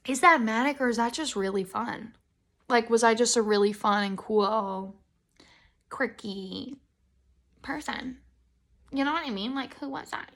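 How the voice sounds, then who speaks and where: Bright-voiced young woman rambling on a podcast. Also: a little slow, long pauses. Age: 20s. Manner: rambling, self-deprecating, laughs often with sudden loud high bursts. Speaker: podcast host. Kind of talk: casual solo podcast chat.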